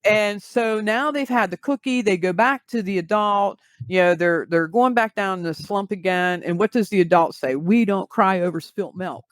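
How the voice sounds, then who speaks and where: Woman, grief specialist guest, measured explanatory talk, dry close sound, mid pitch. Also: no echo. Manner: measured, uses vivid examples.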